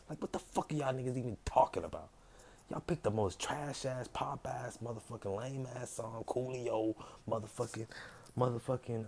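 A man ranting heatedly about music to camera, swearing constantly, swinging between low mutters and loud outbursts. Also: vocal fry, a little hiss or hum. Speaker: vlogger. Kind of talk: profane music rant to camera.

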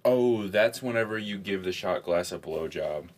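A man's voice: sits low, moderate pace, slight background noise. A man co-hosting a podcast, joking and swearing his way through a drinking game. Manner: swearing, laughing, wisecracking. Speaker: podcast co-host. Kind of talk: casual drinking-game chat.

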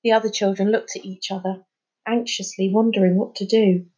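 A woman reading a children's chapter book aloud in a clear, measured storytelling manner. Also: medium pitch, steady tone, darkish tone. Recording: muffled lo-fi recording.

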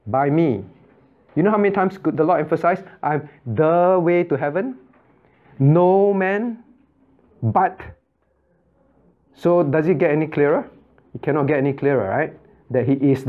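A male pastor leads a Bible class, hammering key words and firing questions at his listeners. His voice sits a bit higher than most men's. The sound is thin and tinny, like a phone line. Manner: emphatic, repeats key words and quizzes listeners with "right?". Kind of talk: interactive Bible study teaching.

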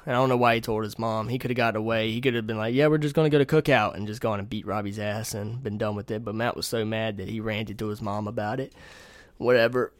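A man's voice: fairly low pitch, flat delivery, quick pace, dry recording, studio quality. A man in his twenties telling a long story in a blunt, profane, casual way, speaking from a home kitchen. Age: 20s. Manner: blunt, profane, reads messages aloud. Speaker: podcast host.

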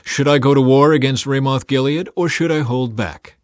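A sharp, commanding ancient king barks his orders, as a man reads him in a scripture recording. The voice sits in an ordinary pitch, and the sound is close and dry. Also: moderate pace, no room sound, close to an everyday voice. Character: angry scheming ancient male king.

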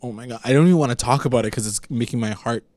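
A man of middle pitch chatting casually with a friend. His talk is loose and emotional, with lots of "like" and casual swearing. The sound is dry, with no room behind it. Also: rapid-fire, a little mellow, no echo. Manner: emotional, swears often, heavy use of "like". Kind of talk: casual chat recapping a TV episode.

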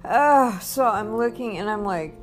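A woman's voice: mid-range voice, expressive, unhurried, a little hiss or hum. A woman telling a personal story in a casual monologue, rambling with restarts and acting out what people said. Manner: rambling, with many restarts and acted-out quotes. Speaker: vlogger.

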